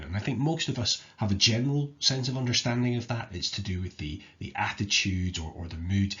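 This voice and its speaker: A male teacher from Scotland explaining an exam skill in a measured, patient way, with some restarts and fillers. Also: fairly low pitch, fairly bright tone, dull audio. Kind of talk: recorded exam lesson.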